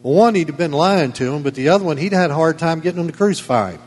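A man's voice: fairly high pitch, lively intonation, fast, a little mellow, big-room sound. Folksy emphatic preacher man. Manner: emphatic, folksy, chuckling asides. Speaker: pastor. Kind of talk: sermon. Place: church sanctuary.

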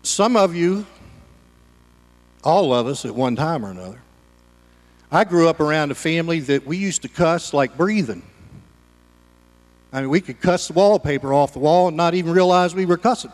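A man preaching in a high, light voice, folksy and conversational with touches of humor. His words ring out with a long hall reverb, as if in a church sanctuary. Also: lively intonation, normal speed, pauses often. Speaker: pastor. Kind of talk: sermon.

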